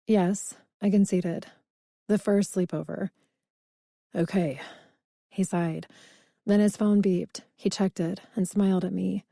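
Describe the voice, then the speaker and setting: A woman narrating a first-person romance audiobook in an expressive, conversational way. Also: medium pitch, unhurried, dry recording, studio quality.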